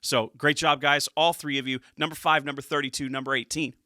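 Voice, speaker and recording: A middle-aged man co-hosts a casual football stat show as coach, rambling and restarting his sentences with upbeat energy. His voice is bright and forceful. The sound is dry and close, with no room echo. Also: fairly high pitch, steady tone, a little fast. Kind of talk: casual sports chat.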